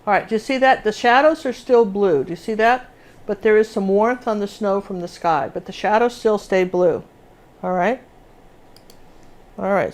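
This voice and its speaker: An older woman gives a live acrylic painting lesson, chatting as she paints and frequently starting sentences over. Her voice is mid-range and a little mellow.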